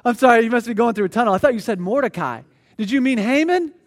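A man's voice: very high-pitched, animated, fast talker. A man voicing a scheming royal official who goes from disbelief to begging for his life. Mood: incredulous. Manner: incredulous, then pleading.

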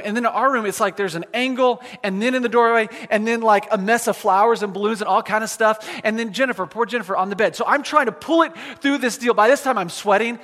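High-voiced pastor in a reverberant hall. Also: male voice, fairly bright tone. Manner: self-deprecating, halting with many restarts. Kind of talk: storytelling sermon. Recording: long reverb of a large hall.

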